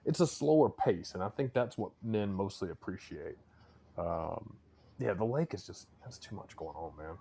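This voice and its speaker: A man's voice: deep voice, expressive, normal speed, gravelly, mellow, husky. A man co-hosting a casual podcast, laid-back and chatty, peppering his talk with "man" and "dude". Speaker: podcast co-host.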